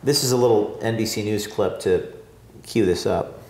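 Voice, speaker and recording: A man hosting a casual interview, talking in halting starts and repeated words. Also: fairly low pitch, a little mellow. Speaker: interviewer and host. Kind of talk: casual conversation. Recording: echoey room.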